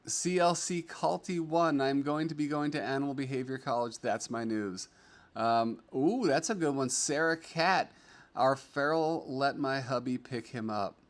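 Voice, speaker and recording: Speaking at a measured pace with medium pitch, a middle-aged man runs a casual livestream. He reads viewers' comments aloud and chats in an upbeat, meandering style packed with fillers.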